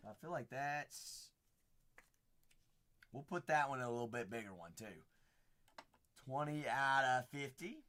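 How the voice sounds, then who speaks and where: Brief: male card-break host, lively pitch, bright edge, unhurried delivery, excitable. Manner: excitable, exclaiming, chatty asides. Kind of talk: live-stream card breaking.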